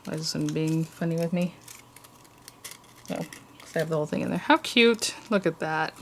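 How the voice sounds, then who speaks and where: A woman's voice: sits low, flat delivery, brisk, darkish tone, slight background noise. A woman hosting a casual crafting tutorial, chatty and gushing over cute details as she works.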